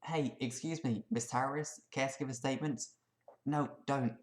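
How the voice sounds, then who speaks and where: A man's voice: medium pitch, steady tone, normal speed, close to an everyday voice. A man plays a pushy TV news reporter with a mid-range voice. He reads the news in a stumbling way and chases people down for a statement. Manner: fumbling newscaster delivery.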